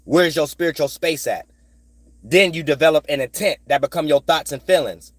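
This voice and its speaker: Brief: rambling spiritual vlogger, male, higher pitch, dry close sound, streetwise and profane. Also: normal speed, no room sound. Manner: profane, streetwise, keeps asking "you know what I'm saying"; repeats phrases in sing-song bursts.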